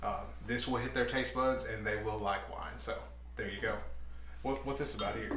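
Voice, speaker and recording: A man's voice: lowish voice, fairly even intonation, normal speed. A man co-hosting a casual wine tasting chat, teasing and playful. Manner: teasing, playful, laughs often. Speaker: co-host. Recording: echoey room with faint noise.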